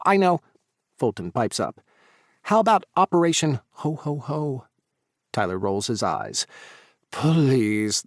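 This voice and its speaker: A man reads a first-person audiobook in an even middle voice, recorded close in a dry, dead studio. He lifts his pitch and volume when characters speak and drops low and soft for quiet asides. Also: dry recording. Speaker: audiobook narrator.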